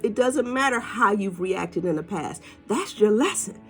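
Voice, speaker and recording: A woman giving a casual inspirational talk, animated and repetitive, often jumping up in pitch to act out what people say, with faint music behind her. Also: unhurried. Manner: animated, jumps high in pitch when quoting people, laughs often; preachy, repeats phrases, talks to listeners as y'all. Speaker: motivational speaker.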